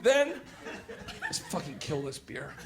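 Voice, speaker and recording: Excitable crude young male comedian. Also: a little high, slow pace. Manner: crude, excitable, laughing through lines. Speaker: stand-up comedian. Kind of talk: stand-up storytelling. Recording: heavy noise in recording.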